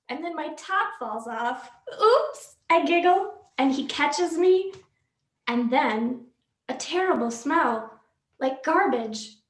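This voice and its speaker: A woman reading short comic prose aloud at a library storytime, with a wry, expressive delivery. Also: high-pitched. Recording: roomy echo.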